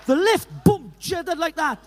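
A middle-aged man with a Welsh accent from Llanelli, preaching an animated evangelistic sermon in a church hall, full of stories and urgent calls. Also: extremely high pitch, normal speed, some chatter behind. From Wales. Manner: animated, storytelling with laughs, rising to urgent calls. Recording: reverberant hall.

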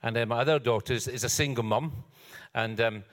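A man's voice: medium pitch, a little fast, big-room sound. An older man, a guest preacher, giving a sermon with joking, self-deprecating asides. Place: church hall.

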